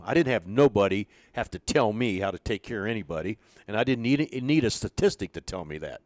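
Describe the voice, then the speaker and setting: A man's voice: lowish voice, fairly quick, few pauses, no echo. Older man telling baseball stories. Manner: animated storyteller, acts out quoted dialogue. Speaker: former pitching coach, interview guest. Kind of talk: storytelling in an interview.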